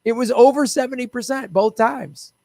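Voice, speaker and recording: A man's voice: very high voice, moderate pace, gravelly, a little mellow, no echo. A man hosting a solo political commentary livestream, ranting in an exasperated way, swearing freely and chatting asides to his viewers.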